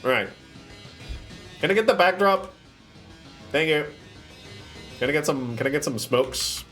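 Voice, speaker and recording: A man's voice: a little high, expressive, normal speed, a bit bright, soft background music. A man streaming live, chatting casually while setting up an avatar, often slipping into playful theatrical bits.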